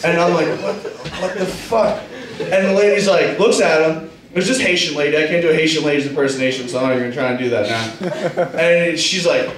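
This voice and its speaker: A man's voice: a little high, quick pace, crowd noise. Young man doing profane stand-up. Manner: loose, profane, self-mocking storytelling. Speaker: stand-up comic. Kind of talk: stand-up comedy set. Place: small comedy club stage. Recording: echoey room, taken from far off. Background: audience laughing.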